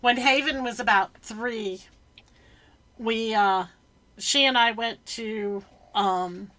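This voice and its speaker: A chatty woman hosts a casual talk, her voice slightly high and very bright. She tells her story loosely and drops in plenty of ums. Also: slow pace. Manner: chatty storyteller, filler-heavy. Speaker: podcast host. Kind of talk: casual chat.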